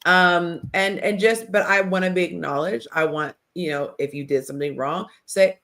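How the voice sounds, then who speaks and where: A woman hosting a casual panel podcast, telling stories with lively acted-out quotes. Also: lowish voice, moderate pace, few pauses. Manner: animated storytelling, acts out quotes. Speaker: podcast host.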